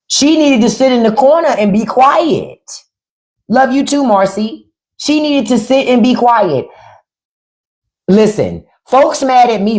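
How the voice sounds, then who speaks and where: A woman's voice: medium pitch, a little mellow. A woman hosting a livestream, talking bluntly and profanely to her viewers, repeating lines for emphasis and turning sarcastic. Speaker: livestream host. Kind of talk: unscripted livestream commentary.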